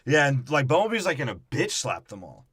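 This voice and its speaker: A young man co-hosting a podcast, giving a crude comedic movie recap and acting out characters in quick mocking impressions. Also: mid-range voice, very animated, fairly bright tone, husky, no room sound, clean studio sound. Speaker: podcast co-host.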